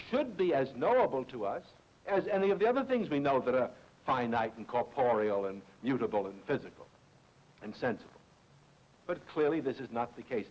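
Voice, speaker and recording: A middle-aged man, a philosopher and teacher, giving a deliberate, emphatic lecture with repeated stresses on key words. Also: medium pitch, poor audio.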